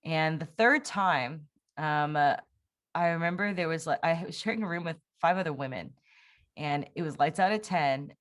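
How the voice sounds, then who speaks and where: A woman's voice: low voice, moderate pace. A young woman, an interview guest, telling a personal testimony in a candid, rambling way, full of fillers and restarts. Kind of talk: personal testimony in casual conversation.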